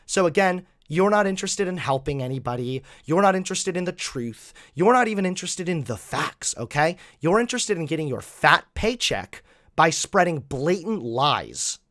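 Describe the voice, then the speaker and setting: A man hosting reaction commentary, animated, mocking and profane. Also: on the high side, moderate pace. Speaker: host.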